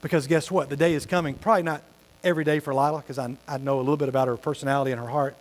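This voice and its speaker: A man's voice: fairly high pitch, fairly even intonation, racing. A man preaching a sermon as pastor, telling stories animatedly and acting out the voices of the people he quotes. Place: church hall with tables. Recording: long hall reverb.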